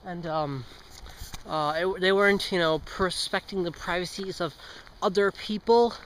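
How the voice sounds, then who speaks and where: Walking outdoors beside passing traffic, a teen boy records a casual vlog full of rambling, jokes, casual swearing and verbal stumbles. His voice sits high and fairly bright, at a measured pace. It's a rough recording with slight background noise.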